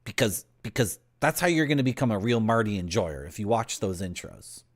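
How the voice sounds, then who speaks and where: A young man streaming a video game live, rambling through deadpan absurd tangents as he plays. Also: on the low side, a little fast. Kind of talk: live gameplay commentary.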